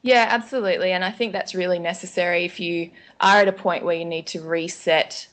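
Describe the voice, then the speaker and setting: A woman's voice: on the low side, fairly even intonation, a little fast, fairly bright tone. An Australian woman talking casually as an interview guest, chatty with lots of ums and restarts.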